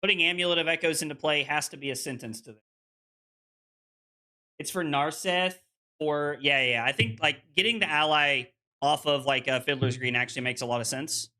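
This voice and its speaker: A man with a fairly high, sharp-toned voice talks at normal speed while streaming a card game. Casual and chatty, he reads viewers' messages out loud, his talk peppered with "like."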